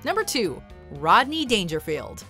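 A woman's voice: mid-range voice, unhurried, creaky, soft background music. A woman narrating a countdown video in an upbeat scripted style. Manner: upbeat, lively list presenting.

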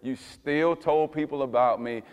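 Fiery pastor preaching in a reverberant hall. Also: male voice, on the high side, unhurried, clean tone. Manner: swings between loud fiery preaching and hushed tender whispers. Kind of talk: sermon.

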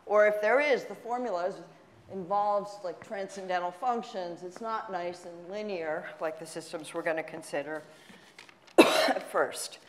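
A woman's voice: on the low side, moderate pace, a little hiss or hum. Woman lecturing in a reverberant hall. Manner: relaxed, chatty, self-deprecating asides. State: slightly winded from running. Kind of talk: university math lecture.

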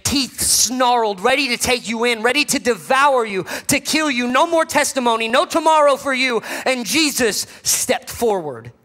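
A man preaching a sermon in a church, dramatic, building to shouts and then dropping low. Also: long reverb tail. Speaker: pastor. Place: church sanctuary.

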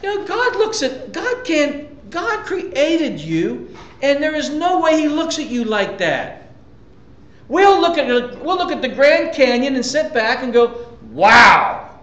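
A man's voice: extremely high pitch, sing-song, a little slow, roomy sound. A man preaching a sermon as a pastor, talking conversationally with emphatic repetitions and rhetorical questions to his listeners.

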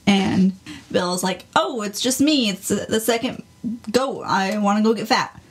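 A woman's voice: mid-range voice, a little slow, breathy edge. A woman co-hosting a podcast, casually retelling a fairy tale with giggles and acted-out lines. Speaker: podcast co-host. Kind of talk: casual comedic storytelling.

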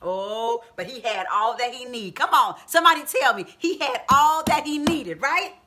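A woman preaching a live online sermon, fervent, calling out to her listeners and building to shouts. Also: fairly high pitch, moderate pace, background noise. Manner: fervent, calls out "come on now", builds to shouting.

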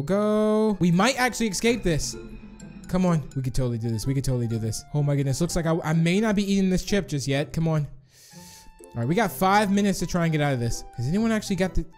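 A young man giving nervous, excitable commentary while playing a video game, often talking himself through it. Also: high-pitched. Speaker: gaming YouTuber. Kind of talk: live gameplay commentary.

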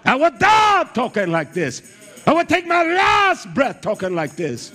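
High-voiced fiery male preacher. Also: sing-song, faint music behind. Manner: emphatic, often shouting, blunt and profane; fills pauses with "uh" and repeated words. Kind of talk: fiery sermon.

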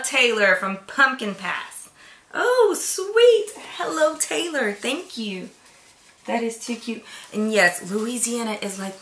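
Gasping frequently and occasionally slipping into whispers, a woman gushes as she opens a gift box from a swap in a casual vlog. Her tone is bright and forceful at medium pitch. The audio sounds roomy, with slight background noise.

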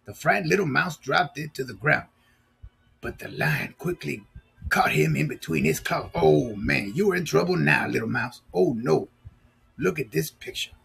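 A man's voice: a little high, big pitch swings, moderate pace, creaky, a bit bright, husky. A man reading a storybook aloud to children, chatting playfully and asking them questions between passages. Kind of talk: storybook read-aloud with asides.

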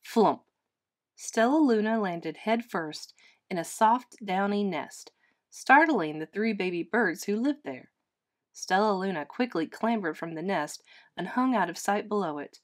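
A woman teacher reading a children's picture book aloud in a gentle, expressive storytelling manner. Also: medium pitch, unhurried.

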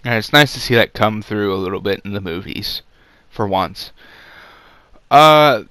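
A man's voice: fairly low pitch, animated, unhurried, bright, forceful tone, clean tone, no room sound. A man giving a casual, rambling movie review, sarcastic and full of fillers.

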